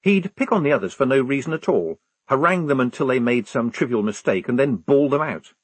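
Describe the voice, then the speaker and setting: Husky-voiced male storybook narrator. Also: mid-range voice, brisk, dry recording. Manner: wry, expressive reading. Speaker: audiobook narrator.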